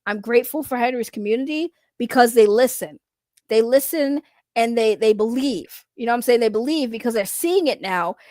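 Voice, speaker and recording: A woman's voice: on the high side, normal speed, darkish tone, no room sound. A woman doing casual livestream commentary, rambling and blunt, swearing freely and laughing often. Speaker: online commentator.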